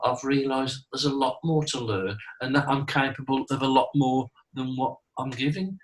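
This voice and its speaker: A man's voice: medium pitch, normal speed, recorded from a distance, low-quality recording. A middle-aged man who teaches mediumship, talking earnestly in a casual interview, repeating himself and saying "you know" a lot.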